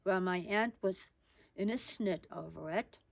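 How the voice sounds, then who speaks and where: A woman tells a personal story from her own life in a conversational tone. She speaks easily, with natural pauses. The sound is dry and close. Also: mid-range voice, gravelly, no echo.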